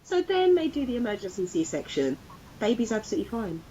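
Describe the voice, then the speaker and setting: A woman's voice: on the high side, sing-song, fairly quick, dark tone, highs cut off, a little hiss or hum. A woman co-hosting a podcast, telling a personal story in a casual chat and acting out the voices of others. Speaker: podcast co-host.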